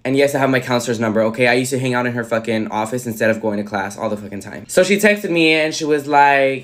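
Young male influencer, sassy and foul-mouthed, mid-pitched, casual vlog storytelling. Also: quick pace, hardly any pauses. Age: young adult. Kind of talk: casual get-ready-with-me vlog.

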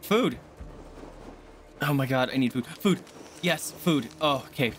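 A young man streaming a game live, swearing and panicking in excitable outbursts. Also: mid-range voice, measured pace, slight background noise. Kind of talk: live gameplay commentary.

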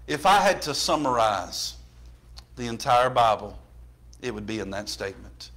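A pastor preaching a sermon, building from plain storytelling to impassioned shouting in a church. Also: male voice, medium pitch, big pitch swings, moderate pace.

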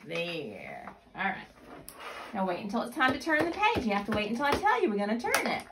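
A woman's voice: mid-range voice, wildly swooping pitch, brisk. A mother patiently coaching her young child through play at home, with encouraging, sing-song speech. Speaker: mother and caregiver. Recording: noisy home recording.

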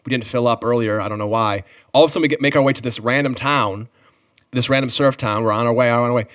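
A young man co-hosting a podcast, telling a story in a casual chat and acting out the people in it. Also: mid-range voice. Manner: fast animated storytelling, acting out the people in his stories. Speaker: podcast co-host.

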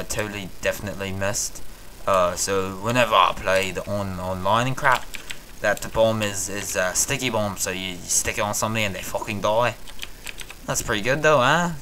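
A man's voice: on the low side, moderate pace, pushed and bright, a little hiss or hum. A young man hosting a casual gameplay commentary in a put-on British accent, rambling and swearing with frequent stammered restarts. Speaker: gaming channel host.

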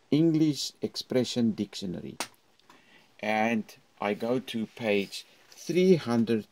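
Slow, gravelly male lecturer. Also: on the low side. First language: Afrikaans. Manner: slow, halting teaching talk with fillers and demonstrated phrasing. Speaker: university lecturer. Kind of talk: recorded English lesson for students.

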